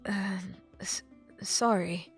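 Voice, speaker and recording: A woman's voice: mid-range voice, moderate pace, faint music behind, lightly acted. A woman reading the lines of an awkward, earnest young male hero in an audiobook. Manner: hesitant, mumbling. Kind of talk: audiobook character voice.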